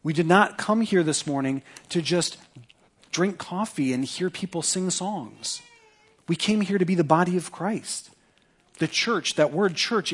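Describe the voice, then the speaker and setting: Husky guy preaching at church, earnest, leans on pauses. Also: a little high. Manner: earnest preaching, reads scripture aloud with emphatic pauses. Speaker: pastor. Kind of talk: sermon. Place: church sanctuary.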